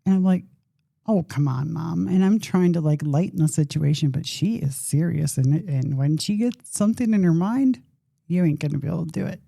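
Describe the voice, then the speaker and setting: A woman's voice: on the low side, a little fast, vocal fry, dark tone, dry recording, studio quality. A middle-aged woman hosting a podcast, telling a candid personal story in a rambling, conversational way with some self-deprecating humor. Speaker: podcast host.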